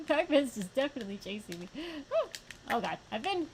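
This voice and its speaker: A young woman streaming a fighting game, reacting with quick yelps, groans and laughs between plain remarks. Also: on the high side, very animated, a little mellow, a little hiss or hum. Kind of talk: live gameplay commentary.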